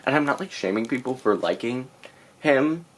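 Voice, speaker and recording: A woman's voice: a bass voice, animated, moderate pace. A young woman chatting casually in a reading vlog, exasperated and full of fillers, recorded on a camera mic. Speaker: book vlogger.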